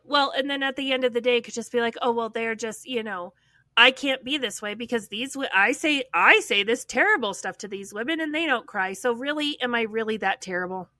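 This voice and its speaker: A woman's voice: a little high, a little fast, sharp tone, dry recording. A woman co-hosting a casual podcast conversation, frankly recounting what happened to her. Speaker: podcast co-host.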